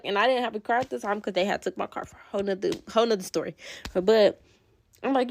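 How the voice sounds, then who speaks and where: A woman's voice: fairly high pitch, rapid-fire, vocal fry. A woman telling a casual storytime, exasperated and emphatic.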